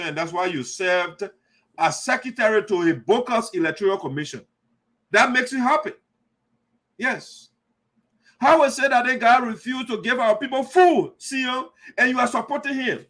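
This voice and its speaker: A man's voice: high voice, lively intonation, normal speed, bright, forceful tone. A man hosting a live online talk show, arguing passionately with callers and repeating his points. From Liberia. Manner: impassioned, repetitive, argumentative. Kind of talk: live call-in commentary.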